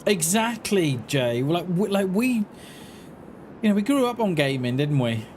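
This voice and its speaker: A man's voice: sits high, sing-song, darkish tone. Rambling man in his forties, noisy audio. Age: 40s. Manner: rambling, halting, with frequent restarts and repeated words; talks back to chat in a friendly, reassuring way. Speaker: gaming livestreamer. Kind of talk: casual livestream chat while playing. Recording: noisy home stream recording.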